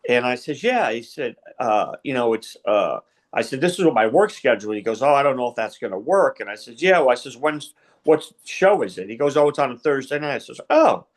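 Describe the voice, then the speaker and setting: A man's voice: mid-range voice, animated, brisk. Rambling middle-aged male referee storyteller. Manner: rambling, retells conversations with many fillers. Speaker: wrestling referee, podcast guest. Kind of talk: casual interview storytelling.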